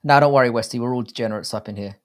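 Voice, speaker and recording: Rapid-fire and medium-pitched, a man in his thirties gives casual commentary on his livestream watchalong. He rambles at chat in a blunt, profanity-laced way.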